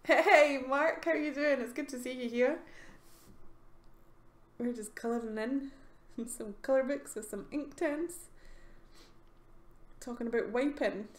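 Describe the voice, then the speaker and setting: A woman's voice: on the high side, measured pace, long pauses, a little mellow. A woman streaming live as an artist, chatting casually with viewers, giggling and filling with ums. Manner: chatty, giggly, answers chat questions with fillers. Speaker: art streamer. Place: home art studio. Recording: roomy home recording with faint ambience.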